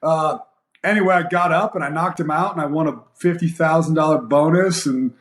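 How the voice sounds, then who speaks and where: A man's voice: a little high, brisk. A man in his forties, a guest fighter and coach, telling a story in a casual interview with lots of fillers and acted-out quotes. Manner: animated storyteller, acts out quoted voices, many fillers. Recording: echoey room.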